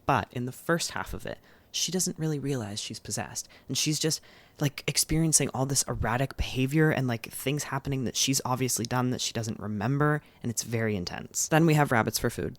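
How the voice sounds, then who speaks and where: Chatty man reviewing books. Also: medium pitch. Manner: chatty, filler-heavy retelling with frequent "like"; candid, with occasional swearing. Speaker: book reviewer. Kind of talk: casual book summary monologue.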